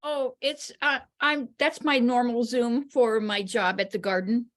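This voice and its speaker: A woman chats in a relaxed, offhand way during a club's video meeting. Her voice is slightly high, and the talk is casual. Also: measured pace. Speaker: member joining a video meeting. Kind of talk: casual video-call chat. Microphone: video call.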